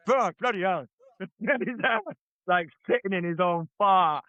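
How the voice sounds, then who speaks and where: A man's voice: high-pitched, measured pace, dry recording, highs cut off. A man co-hosting a podcast, bantering and laughing through family stories in casual chat. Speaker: podcast co-host.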